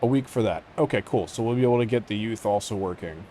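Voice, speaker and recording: A man giving casual commentary on a strategy game, mumbling to himself and trailing off into quiet asides. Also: on the low side, quick pace, slight background noise. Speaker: gaming channel host.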